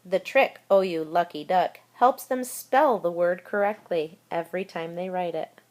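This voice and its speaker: A woman's voice: fairly low pitch, unhurried. A woman teacher giving a recorded spelling lesson to young children, talking them through words and spelling them out letter by letter. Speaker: elementary school teacher.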